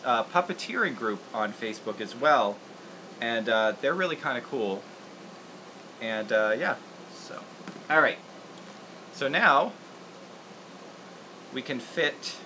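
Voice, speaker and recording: A man's voice: medium pitch, very animated, unhurried, pauses often, sharp tone, a little hiss or hum, poor audio. A man hosting a casual livestream puppet-making tutorial, rambling and laughing at himself as he works. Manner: rambling, laughing, self-deprecating. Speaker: puppeteer host.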